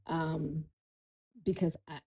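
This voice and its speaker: A woman's voice: low voice, level tone, takes it slowly, mellow, breathy edge, low-quality recording. A woman, a podcast guest telling a personal story in casual chat, often turning to listeners with "y'all.".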